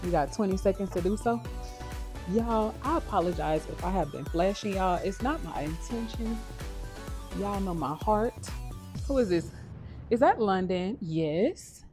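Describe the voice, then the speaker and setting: Over soft background music, a young livestream host and dog breeder keeps things casual, chatty, and encouraging, frequently addressing her viewers. She speaks in an expressive mid-range voice, a little slowly.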